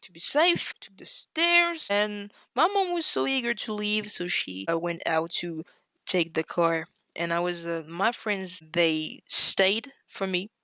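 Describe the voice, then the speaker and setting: A woman, a podcast guest, tells a story in a casual chat and acts out the quotes with sudden leaps in pitch. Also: animated, measured pace, pushed and bright, smooth, no echo, studio quality.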